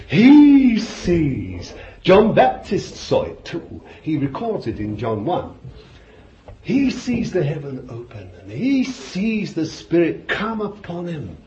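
A man preaching a fervent sermon, swinging from loud exclaiming to hushed whispers. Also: fairly low pitch. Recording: dull lo-fi recording with faint hiss.

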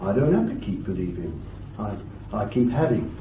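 A man preaching a fervent sermon, swinging from loud exclamations to hushed asides. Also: on the low side, very animated, moderate pace, background noise. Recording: roomy, distant, dull lo-fi tape recording.

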